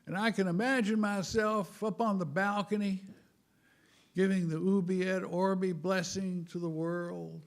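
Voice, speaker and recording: A man giving a humorous spiritual talk in a wry, self-mocking way, halting and repeating words, with chuckles. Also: high voice, little pitch movement. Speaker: spiritual speaker.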